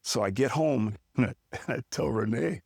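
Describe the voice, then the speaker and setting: A middle-aged man from Milwaukee telling a personal story as a podcast guest, in a deliberate, unhurried way. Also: mid-range voice, creaky, a little mellow, no echo, studio quality. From Milwaukee, United States. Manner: measured, deliberate storytelling with drawn-out words. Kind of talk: casual storytelling interview.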